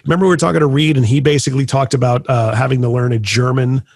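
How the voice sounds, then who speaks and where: A man co-hosting a podcast, chatting casually and telling stories in an animated way. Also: mid-range voice, fast, slightly rough, dry recording, studio quality. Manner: animated storyteller, laughs easily. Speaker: podcast co-host. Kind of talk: casual interview chat.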